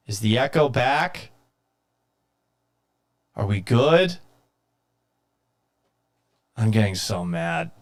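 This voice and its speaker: Exasperated man hosting a live stream. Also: on the low side. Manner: exasperated, swearing, self-mocking; reads viewer comments aloud. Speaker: host of a live sports talk stream. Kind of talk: casual live-stream chat.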